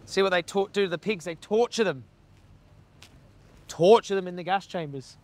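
A man's voice: sits high, normal speed, darkish tone, no room sound. Man, blunt, swearing, confrontational activist, outdoors, handheld camera. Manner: blunt, heckling, swears a lot. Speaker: animal rights activist. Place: outdoors by a slaughterhouse.

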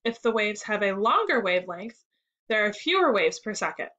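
A woman's voice: mid-range voice, sing-song, normal speed, pushed and bright, highs cut off. A woman reading the lines of an eager adult man who jumps in to explain.

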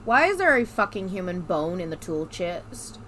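A woman's voice: on the low side, very animated, moderate pace, a bit bright, a little hiss or hum. A woman playing a horror game and talking through her nerves, repeating to herself that everything is fine and swearing often. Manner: nervous self-reassuring chatter, swearing. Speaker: gamer. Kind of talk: let's play commentary.

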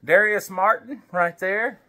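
Speaking slowly in a high-pitched, sharp-toned voice, the same kind of wrestling card vlogger opens packs at home. He reads each name out loud and talks casually to his baby along the way.

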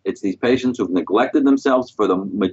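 A middle-aged man answering interview questions as a guest specialist, calm and explanatory. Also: fairly low pitch, normal speed, slightly rough, lo-fi sound. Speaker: guest periodontist.

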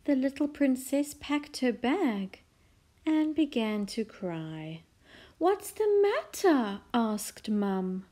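A woman reading a children's picture book aloud in a very slow, expressive way, dropping now and then into a soft whisper. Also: on the high side, slight background noise. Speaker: storyteller.

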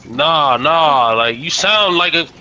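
Animated young man in game chat. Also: a little high, slow, highs cut off, slight background noise. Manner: incredulous, laughing, slangy trash talk. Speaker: random teammate.

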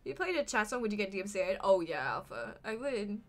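A young Australian woman from Queensland, a livestreamer, chats casually with her audience in a medium-pitched, expressive voice, talking fast. She rambles, swears, jokes around, and laughs frequently.

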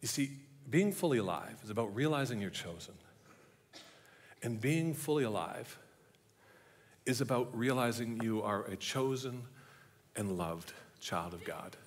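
A middle-aged man preaching a sermon as pastor, telling a story and often dropping to a soft, hushed voice for emphasis. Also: medium pitch, lively intonation, unhurried, pauses often, husky. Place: church.

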